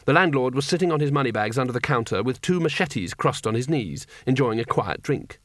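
A man's voice: mid-range voice, expressive, fairly quick, no echo. Man reading a comic fantasy story. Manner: dry, wry storytelling. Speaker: narrator. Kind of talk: audiobook narration.

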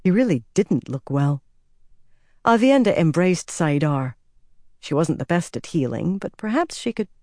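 A narrator reading a fantasy novel aloud in a measured, dramatic storytelling manner. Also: medium pitch, very animated, warm tone, no echo, clean studio sound. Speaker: audiobook narrator. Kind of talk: scripted fantasy audiobook narration.

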